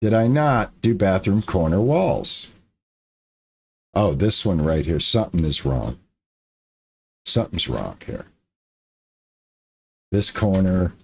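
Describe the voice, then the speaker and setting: A man's voice: sits low, big pitch swings, takes it slowly, vocal fry, pauses often, husky. A man streaming a building game, talking to his viewers and himself, muttering and repeating lines when things go wrong. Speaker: gaming streamer. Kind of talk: casual let's-play commentary.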